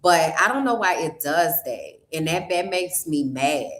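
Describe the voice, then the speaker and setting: A woman's voice: sits low, lively intonation, measured pace. A woman host chatting casually with her livestream audience, a little flustered and talking straight to her chat. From New Orleans. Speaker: podcast host. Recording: roomy echo.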